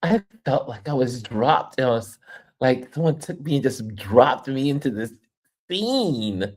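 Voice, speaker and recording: A woman from New York chats through a travel livestream with a very deep, dark voice. She takes her time and lets her pitch swing widely. She laughs often as she tells her stories. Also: unhurried. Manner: animated, laughs often while telling stories. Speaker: travel vlogger and livestream host. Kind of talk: casual livestream storytelling.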